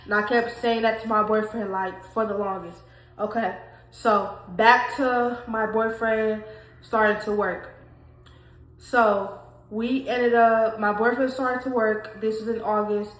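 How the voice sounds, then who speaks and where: A young woman tells her testimony in a casual vlog, speaking straight to her viewers, emotional and repeating her points. Her voice sits a bit high, and the room around her rings with echo. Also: steady tone, a little slow. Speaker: vlogger sharing a faith testimony. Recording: echoey room.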